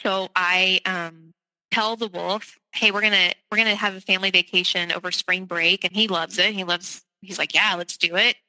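A woman's voice: mid-range voice, fairly even intonation, moderate pace, sharp tone, no room sound, poor audio. A middle-aged woman from the South, a podcast guest candidly and urgently recounting a personal story. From American South.

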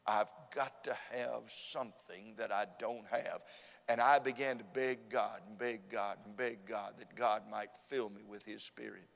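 Fervent preacher in a reverberant church. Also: male voice, on the low side, fairly even intonation, a little slow, vocal fry. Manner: fervent, repetitive emphasis, rising to loud urging. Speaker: visiting preacher. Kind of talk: revival sermon. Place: church sanctuary. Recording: long church hall reverb.

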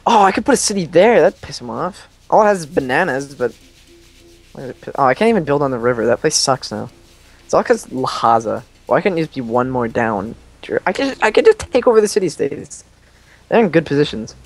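A man's voice: on the high side, sing-song, a little fast. A young man hosting a multiplayer strategy game session, rambling and joking in casual banter. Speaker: let's play host.

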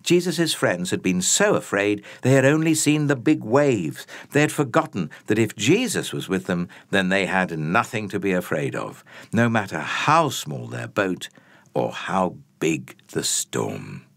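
A man's voice: low-pitched, sing-song, a little slow, gravelly, dry recording. Man narrating a children's story dramatically. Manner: dramatic, swooping, whispers at quiet moments.

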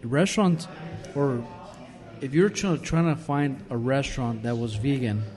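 Guy hosting a podcast, mid-pitch voice, rambly casual chat, lots of "i mean". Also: measured pace, a little mellow, soft background music. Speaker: podcast host.

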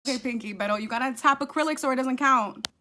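A man playing an eager, self-important young woman castmate who talks quickly and in a hushed way in a comedy sketch. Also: very high voice, full character voice.

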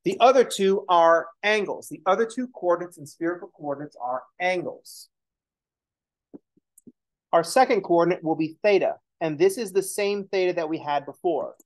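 Man, math instructor, casual lecture, fairly high voice, joking asides, writing on a board. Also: animated, normal speed. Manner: joking, self-deprecating asides while explaining.

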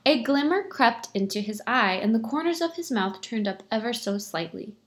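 A woman teacher reading a picture book aloud to her pupils, in a clear storytelling manner. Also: on the high side, expressive, normal speed.

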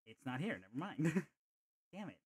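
Lively, playful male game streamer. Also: on the high side, unhurried, husky. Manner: playful, thinks aloud, jokey asides. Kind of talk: casual gameplay commentary.

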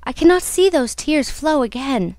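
A woman's voice: high-pitched, expressive, moderate pace, darkish tone, dry recording, voice pushed up. A woman reading the part of a frightened, haunted young woman singer, in a pleading, trembling way.

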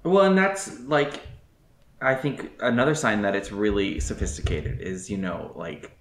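A podcast co-host in casual chat, soft-spoken and agreeable, with short affirmations. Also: mid-range voice, a little slow, echoey room.

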